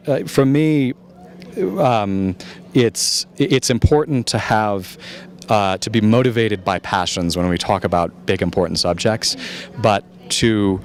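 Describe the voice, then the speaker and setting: A man from the United States, a journalist, answering audience questions after a film screening in a calm, measured, thoughtful way. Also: on the low side. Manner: thoughtful, searching for words.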